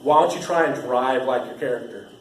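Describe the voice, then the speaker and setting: A man's voice: mid-range voice, a little fast. A young man, casually training new staff, rambling, laughing often and using lots of fillers. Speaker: haunt trail actor training new staff. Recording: echoey room with faint ambient noise.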